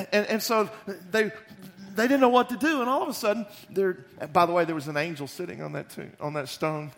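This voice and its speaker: A pastor giving a sermon, retelling scripture in a folksy, animated way with joking asides. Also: male voice, high voice, brisk, vocal fry.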